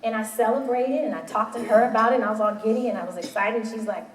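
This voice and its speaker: Brief: woman in her forties, motivational speaker, brighter than average pitch, lively storyteller, caught on a faraway mic in a roomy hall. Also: quick pace, recorded from a distance, a crowd in the background. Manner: animated storytelling, acting out quoted voices. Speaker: panel speaker. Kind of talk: motivational talk to a live audience.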